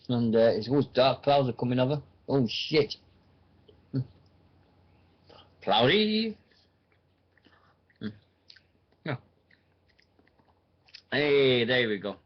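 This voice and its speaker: Man, radio host, casual rambling chat, mid-pitched voice, dull lo-fi sound. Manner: rambling, thinking aloud with many fillers.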